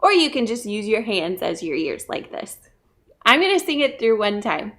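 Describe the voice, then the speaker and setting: A woman's voice: medium pitch, sing-song, moderate pace, fairly bright tone. A woman, a children's librarian, leading a pre-k story time and talking directly to small children in a playful, encouraging way. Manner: playful, acts out animals.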